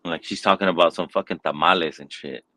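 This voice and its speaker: Host type: low-voiced man, loose rambling delivery, swears in nearly every line, casual backyard chat. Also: fairly even intonation, fast, pushed and bright, no room sound, low-quality recording. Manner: profane, rambling storyteller. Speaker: podcast host.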